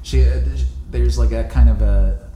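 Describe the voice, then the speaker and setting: Slow, lively man in a crowded echoey room. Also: mid-range voice, a little hiss or hum. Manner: laughing, rambling, searching for words. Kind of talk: casual chat.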